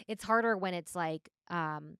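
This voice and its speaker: Woman co-host, smooth clear voice, casual, chatty, dry close sound. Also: fairly low pitch, no room sound. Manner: agreeable, quick to back up her partner, often drops quiet. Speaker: podcast co-host, former news anchor. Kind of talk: casual chat.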